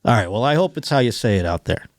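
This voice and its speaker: A man's voice: mid-range voice, lively intonation, quick pace, dry recording, clean studio sound. A man hosting a comedy podcast, reading news stories aloud with jokes and laughter. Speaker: podcast host. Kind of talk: casual comedic chat.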